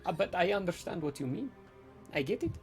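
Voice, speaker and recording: Chatty female druid, voiced by a man: stammering, rambling, a gravelly edge to the voice. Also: sits high, lively intonation, fairly quick, over music, voice pushed up. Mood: friendly.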